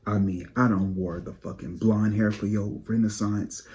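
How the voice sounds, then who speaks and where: A man giving sassy, profane gossip commentary to his viewers, dropping to low mutters and jumping up to high exclaims. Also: steady tone, moderate pace, darkish tone, slight background noise. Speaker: psychic tarot channel host.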